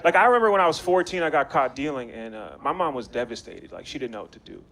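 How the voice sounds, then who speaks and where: A man's voice: mid-range voice, lively intonation, fast talker, creaky, a bit bright. A young man performing a stand-up comedy set in a small bar, with loose, chatty slang and banter with the crowd. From Maryland, USA. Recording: live bar set with noticeable background noise.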